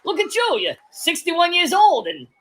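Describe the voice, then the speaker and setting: A voice actor playing a smug cartoon doctor who gives bad news in a dry, mocking, deadpan way. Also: extremely high pitch, normal speed, exaggerated voice. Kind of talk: cartoon parody voice acting.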